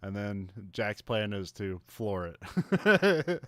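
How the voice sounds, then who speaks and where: A man's voice: lowish voice, sing-song, extremely slow, a bit bright, dry recording. A man recapping a movie in casual podcast chat, rambling with lots of fillers and frequent chuckles. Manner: rambling, laughs often, many fillers. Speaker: podcast co-host.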